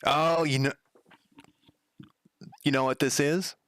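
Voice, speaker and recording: A man's voice: fairly high pitch, steady tone, slow, fairly bright tone, no echo. A young man casually thinking aloud while coding on a stream, muttering to himself with wry asides and the odd swear. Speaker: game developer streaming.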